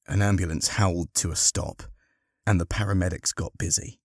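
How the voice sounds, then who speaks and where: A man narrating a storybook in a slow, measured, expressive way. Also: deep voice, dry recording, clean studio sound.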